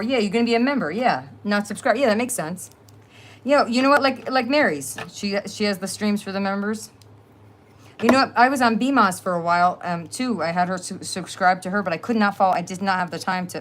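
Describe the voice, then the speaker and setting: A chatty middle-aged woman from New Jersey, her voice on the lower side, hosts an easygoing crafting stream full of rambling talk and frequent laughter. Slight background noise can be heard.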